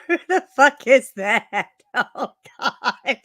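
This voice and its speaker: A woman's voice: high voice, expressive, drawn-out words, sharp tone, no room sound, studio quality. A woman co-hosting a casual livestream chat, laughing often, swearing and teasing.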